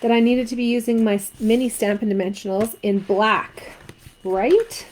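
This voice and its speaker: A woman's voice: a little high, normal speed, a little mellow, slight background noise, rough recording. A woman from Canada teaching a card-making craft tutorial, chatting and asking viewers what they think. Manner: chatty, asks viewers questions.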